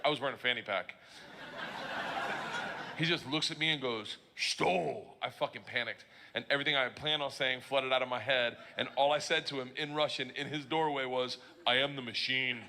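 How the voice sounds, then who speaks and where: A man performing stand-up, telling a story with animated delivery and laughing asides, from a clip played on a stream. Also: medium pitch, fairly quick, heavy background noise. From Florida, US. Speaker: stand-up comedian.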